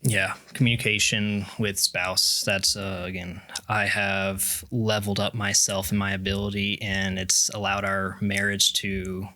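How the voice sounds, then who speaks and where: A man from Kansas, a mindset coach guest, explaining his methods in an earnest, measured way during a casual podcast interview. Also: deep voice, level tone, pushed and bright.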